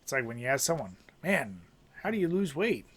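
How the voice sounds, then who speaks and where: A man hosting a podcast, upbeat and joking, who swears casually in relaxed chat. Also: medium pitch, a little fast, husky. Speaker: podcast host.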